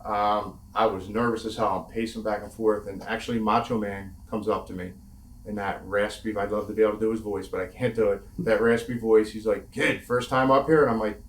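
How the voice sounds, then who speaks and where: A man with a fairly low voice tells candid stories from his wrestling days, casual and laughing, with the odd curse. The room around him has a noticeable echo. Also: level tone, brisk, a little hiss or hum. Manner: candid, laughing storyteller with mild swearing. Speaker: former wrestler interviewee. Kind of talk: casual storytelling interview. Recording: echoey room.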